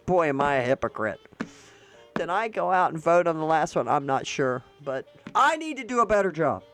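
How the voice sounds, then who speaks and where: A woman's voice: low-pitched, sing-song, normal speed, faint music behind. A woman vlogger chatting casually to her viewers about politics and holidays, rambling and using slang.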